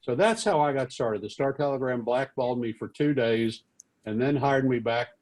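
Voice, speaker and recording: A veteran newspaper columnist in his sixties from Fort Worth, Texas tells a lively anecdote to an audience, speaking at average pitch and normal speed. He is animated and slips into different voices for the people he quotes, on a rough recording.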